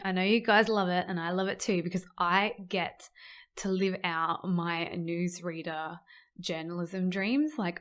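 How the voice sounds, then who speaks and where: A woman hosting a podcast, talking casually to listeners in an animated, chatty way and switching to a newsreader voice to read articles aloud. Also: fairly low pitch. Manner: chatty, animated, laughs easily; puts on a newsreader voice when reading articles. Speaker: podcast host. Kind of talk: casual podcast chat and reading news articles.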